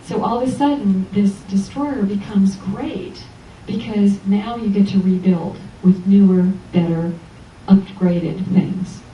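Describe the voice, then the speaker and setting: Dark-voiced woman lecturing in an echoey hall. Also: mid-range voice, slow pace, a little hiss or hum. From Los Angeles. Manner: animated storytelling, acting out quoted voices. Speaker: spiritual teacher giving a Sunday lecture. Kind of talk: inspirational church lecture. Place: church hall. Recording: echoey church hall from far off.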